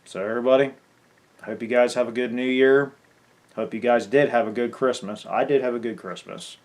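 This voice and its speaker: A man's voice: medium pitch, steady tone, fairly quick. A gaming content creator venting in an angry farewell rant, swearing and stumbling over his words.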